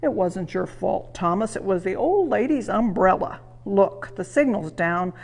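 A woman's voice: mid-range voice, lively intonation, unhurried, gravelly, a little mellow. A woman doing a kind, helpful train guard. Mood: reassuring.

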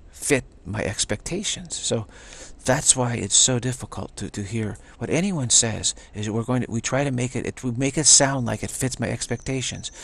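In a creaky, husky mid-range voice, a man delivers a rambling spiritual talk full of reflection. He repeats himself and performs the voices of the people he's quoting.

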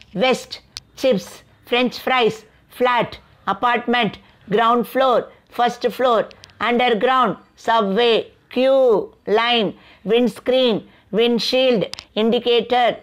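A woman, teaching a school lesson and addressing her students directly in a deliberate way. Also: a little high. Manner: slow, deliberate, addresses students often, word-list reading. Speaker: English teacher. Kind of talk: classroom lesson explanation.

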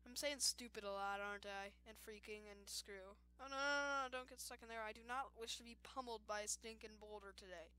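Excitable young woman gaming commentator. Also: a little high, brisk, few pauses, clean tone. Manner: excitable, yelling at the game; self-mocking with frequent giggles. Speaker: gaming youtuber. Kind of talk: casual let's-play commentary.

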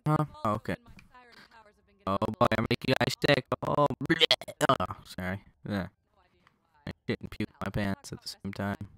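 A man's voice: fairly low pitch, lively intonation, unhurried, a bit bright, no echo. A young man giving loose, joking commentary over his own gameplay, swearing and talking to the enemies on screen through a gaming headset. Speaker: gaming channel host.

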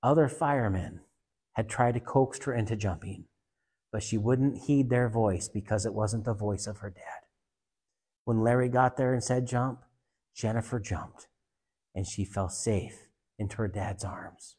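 A man's voice: on the low side, measured pace, slightly rough. A man preaching a sermon, telling a story and leading a prayer in an earnest, repetitive way. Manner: earnest, repetitive, softening to hushed.

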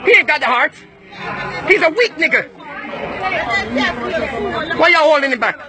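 A man from Jamaica, ranting and shouting confrontationally at people outdoors. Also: very high-pitched, expressive, measured pace, crowd noise.

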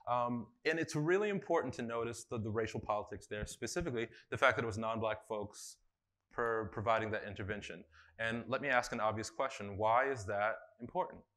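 A man runs a live workshop in a conference room, his voice bright and forward. He talks in a loose, conversational way, full of fillers, and keeps throwing questions out to the audience. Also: lowish voice, a little fast. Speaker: workshop facilitator.

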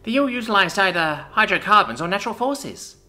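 A man voicing a small, timid mouse-like male alien officer who speaks in a squeaky, deferential way. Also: big pitch swings, brisk, sharp tone, soft background music, full character voice. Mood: polite.

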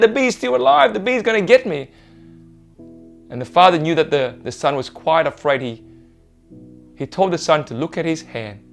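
Pastor guy preaching, a bit high pitched, earnest, keeps repeating stuff, soft guitar behind. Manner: earnest, repeats reassurances for emphasis. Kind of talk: sermon.

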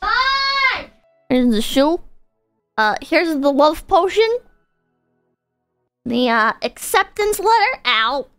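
Excitable, foul-mouthed woman streamer with a lively, very high voice, unhurried between bursts of yelling. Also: soft background music. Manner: excitable and profane, swinging between loud outbursts and deflated mutters. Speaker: live streamer. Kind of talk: casual live-stream chat with viewers.

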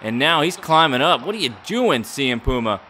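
Gaming YouTuber, male, mock ring-announcer play-by-play, bright and punchy, excitable. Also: medium pitch, fairly quick, slight background noise. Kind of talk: play-by-play game commentary.

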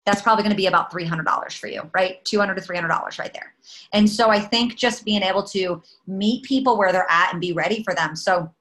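A woman in her thirties, a network marketing team leader, talking in an animated, emphatic, chatty way with lots of fillers. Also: medium pitch, brisk, poor audio. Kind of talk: casual talk.

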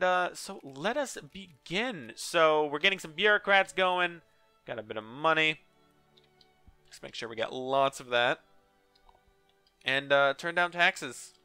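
Young male let's-player, slightly high, smooth voice, sarcastic game commentary. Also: no room sound. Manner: joking, sarcastic, excitable exclamations. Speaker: let's play gamer. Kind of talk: casual gameplay commentary.

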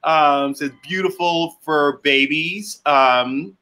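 Reading viewer comments aloud with plenty of enthusiasm, the male host of a casual online chat show keeps things chatty. He talks slowly, his voice pitched on the high side with a sharp tone.

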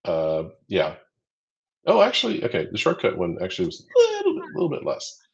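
An upbeat, chatty man co-hosts a live training stream, counting down quiz answers and cheering viewers on. His voice sits on the low side. The audio is dull and lo-fi. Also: huge pitch swings, a little fast, creaky. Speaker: livestream co-host running a quiz. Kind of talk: casual livestream teaching.

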